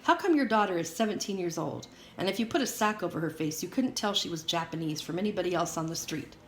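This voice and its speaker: A woman reading aloud as a stern, furious immigrant father who lectures his daughter loudly. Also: lowish voice, lively intonation, fast. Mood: angry scolding. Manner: loud, scolding lecture. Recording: roomy echo, faint hiss.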